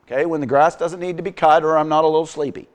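A middle-aged man preaching a sermon as pastor, animated and humorous, acting out quotes as he tells stories. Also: on the high side, quick pace.

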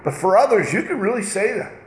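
A man preaching a lively, conversational sermon, acting out short exchanges between people as he goes. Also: sits high, fast, reverberant, a little hiss or hum. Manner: animated, conversational, acts out little dialogues. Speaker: pastor.

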